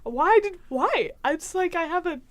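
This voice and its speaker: Young woman, high voice, dry close mic, casual storytelling host. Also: a little slow, dry recording. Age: young adult. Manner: animated, acts out quotes. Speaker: podcast co-host.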